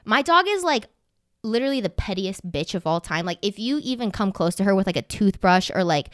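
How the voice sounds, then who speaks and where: A woman's voice: medium pitch, fairly quick, no room sound, clean studio sound. A young woman telling a funny story in casual chat, swearing freely and sprinkling in "like". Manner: animated storytelling, swears freely, many "like" fillers.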